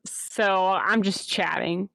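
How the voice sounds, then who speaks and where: A woman's voice: medium pitch, takes it slowly, gravelly, fairly bright tone, no room sound, low-quality recording. A chatty woman playing a tabletop game, giggling as she talks. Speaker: player. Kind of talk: casual tabletop play.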